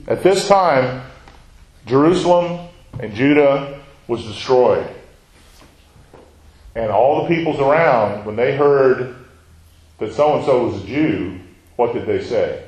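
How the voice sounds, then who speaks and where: A man's voice: medium pitch, expressive, unhurried, pauses often, a little mellow, echoey room, rough recording. A man preaching a sermon, teaching and asking his listeners questions, acting out quoted lines and sometimes dropping to a near whisper.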